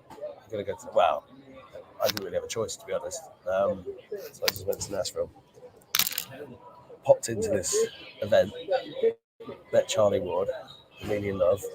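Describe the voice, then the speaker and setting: A man's voice: fairly low pitch, background noise. A man hosting a casual livestream, chatting rambly and swearing freely while reading viewer comments at an airport. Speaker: show host.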